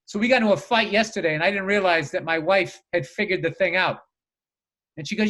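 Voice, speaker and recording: A man co-hosts a casual podcast, his voice pitched high and bright. He tells stories with animated energy, swears freely and slips into the voices of the people in them. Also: fast talker. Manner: animated storyteller, swears a lot, acts out voices. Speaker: podcast co-host. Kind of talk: casual chat.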